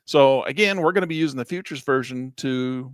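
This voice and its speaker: A man teaching a live trading class over a shared screen, talking in a folksy, animated way and acting out traders in quick voices. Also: mid-range voice, smooth, dry recording. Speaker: trading instructor.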